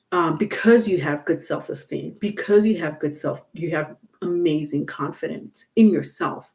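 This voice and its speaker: A woman reads tarot on a casual live stream and talks right to her viewers. She is frank and chatty, and she drops curse words without a second thought. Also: on the low side. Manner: chatty and blunt, curses freely, laughs often. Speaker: tarot reader.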